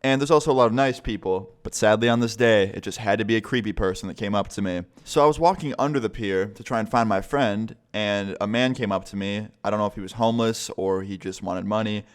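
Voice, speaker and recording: Fast-talking young man telling a story. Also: lowish voice, clear, resonant tone. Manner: rambling, profane, chatty. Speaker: vlogger. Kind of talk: casual storytime.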